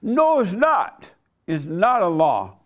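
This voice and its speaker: A man voicing a loud, insistent woman customer who refuses to wear a mask. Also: low voice, big pitch swings, unhurried, full character voice. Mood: defiant. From Iran.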